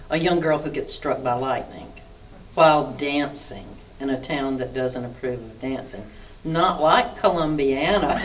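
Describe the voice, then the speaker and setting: Woman telling lively stories. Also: low-pitched. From Mississippi, US South. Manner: lively, acts out dialogue, laughs often. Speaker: author, interview guest. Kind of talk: animated anecdotal storytelling. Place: arts council interview room. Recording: distant mic with faint background noise.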